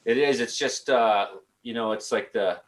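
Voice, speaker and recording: A man from Canada hosting a casual call-in show, talking haltingly with many fillers and restarts. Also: mid-range voice. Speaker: show host.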